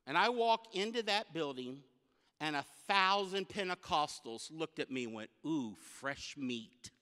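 Bright, high-voiced comic preacher. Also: male voice, normal speed, smooth. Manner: animated, comic storyteller. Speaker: guest speaker. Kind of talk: humorous sermon storytelling. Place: church sanctuary. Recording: long church hall reverb.

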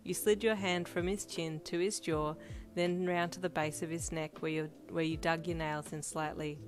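A woman's voice: low-pitched, little pitch movement, normal speed. Woman narrating fan fiction over music. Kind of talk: second-person fan fiction audiobook narration. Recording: loud music bed under voice.

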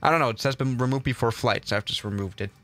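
A man's voice: mid-range voice, quick pace, a bit bright, faint music behind. A man streaming a flight sim, chatting casually to viewers in a rambling way full of fillers and restarts. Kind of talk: casual live gameplay commentary.

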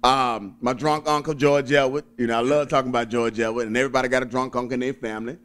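A young man with a Southern accent from Alabama, a stand-up comedian chatting in an interview, laid-back and quick to chuckle. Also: medium pitch, fairly even intonation, fairly bright tone. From Birmingham, Alabama. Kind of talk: casual interview chat.

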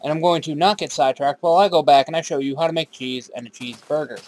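A man's voice: a little high, quick pace, a little mellow, a little hiss or hum. A man hosting his own game series in casual commentary, rambling, swearing freely and talking back to the characters on screen. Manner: drifts into random put-on accents.

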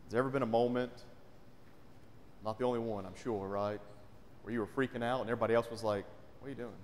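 A pastor from North Carolina, preaching a conversational sermon and often asking "right?". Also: male voice, medium pitch, steady tone, fast talker, a little mellow, a little hiss or hum. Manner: conversational, frequent rhetorical "right?". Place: church sanctuary. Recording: long church reverb.

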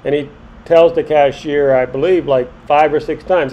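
Middle-aged male vlogger, slightly high voice, indignant rant, hammers points home by repeating them. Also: fairly even intonation, normal speed, warm tone. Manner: indignant, ranting, repeats himself for emphasis. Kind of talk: monologue to camera.

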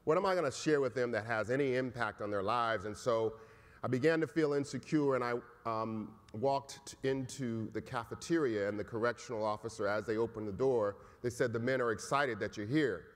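A man's voice: medium pitch, brisk. A man who is a college professor, giving a storytelling keynote speech in a conversational way and often tagging lines with "right?". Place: large conference hall. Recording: echoey hall.

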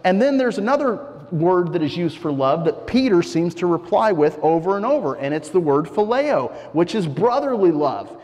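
Guy preaching in a church, kinda high voice, chatty and explaining, lots of echo tail from the hall. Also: sing-song, moderate pace, few pauses, a little mellow. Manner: conversational, explains and asks rhetorical questions. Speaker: pastor. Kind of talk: sermon.

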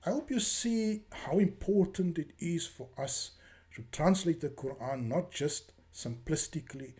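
A man giving an impassioned religious lecture, challenging his critics, slowing down to stress key words and reciting verses quickly. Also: a little high, a little mellow. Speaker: religious commentator.

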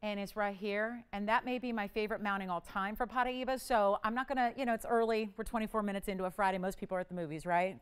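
A woman hosting a live jewelry shopping show, pitching items in chatty, joking, upbeat patter. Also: steady tone, quick pace, hardly any pauses, smooth. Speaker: shopping channel host.

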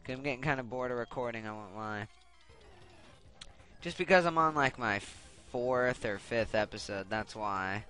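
A man's voice: mid-range voice, normal speed, sharp tone, smooth, faint music behind. A young man commenting on his gameplay in a casual, irritated way, swearing and rambling. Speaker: let's play gamer.

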